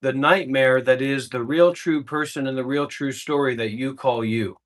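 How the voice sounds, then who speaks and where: A man's voice: mid-range voice, steady tone, normal speed. A man giving an informal spiritual talk as a meditation teacher, blunt and profane, and driving his points home with emphatic repetition.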